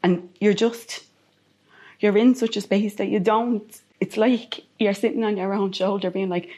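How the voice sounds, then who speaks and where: A woman's voice: mid-range voice, steady tone, unhurried, dark tone. A woman with an Irish accent, a guest telling a personal story in an interview, repeating phrases for emphasis.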